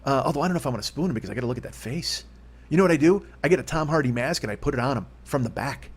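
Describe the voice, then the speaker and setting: A man's voice: mid-range voice, lively intonation, very fast, husky. A man in his fifties hosting a solo comedy podcast, rambling and profane with a self-mocking streak. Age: 50s.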